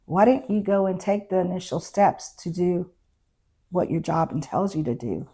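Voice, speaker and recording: With a lowish, mellow, husky voice and lively intonation, this woman speaks at a moderate pace. She's a middle-aged ex-constable being interviewed, relaying her experiences conversationally and voicing others' words as quoted dialogue.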